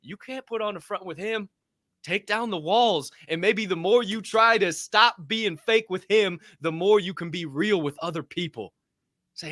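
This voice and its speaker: A fervent man co-hosting a podcast, pitched a little above average, with a forceful, bright edge. His voice sounds dry and close. He preaches in a loose, swearing, motivational way. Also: normal speed, dry recording. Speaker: podcast co-host. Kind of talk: motivational faith talk.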